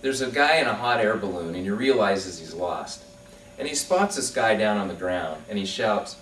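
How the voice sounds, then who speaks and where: A man delivers a scripted comic monologue with indignant, defensive bite, his pitch moving a lot. The sound is roomy and set back from the mic, with faint ambience behind him. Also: animated, moderate pace, a bit bright, far from the mic, a little hiss or hum.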